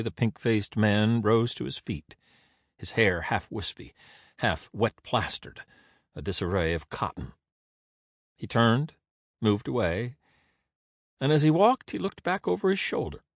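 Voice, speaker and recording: A man narrating an audiobook in an expressive, dramatic reading. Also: lowish voice, no room sound, clean studio sound.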